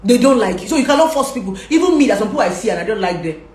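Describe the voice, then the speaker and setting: A young Nigerian woman vlogging casually, talkative and lively, laughing often and mixing in Pidgin. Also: medium pitch, rapid-fire, reverberant. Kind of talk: casual advice vlog.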